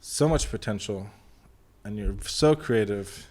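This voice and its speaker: A man's voice: lowish voice, measured pace, darkish tone. A man hosting a podcast in casual chat, laid-back and swearing casually.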